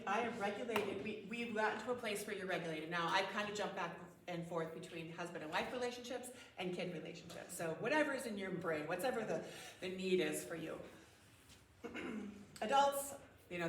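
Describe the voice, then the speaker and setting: A woman's voice: on the low side, a little hiss or hum. A woman giving a talk at a parenting conference, conversational, often acting out example phrases and laughing. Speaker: conference speaker. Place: church hall. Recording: echoey room, mic at a distance.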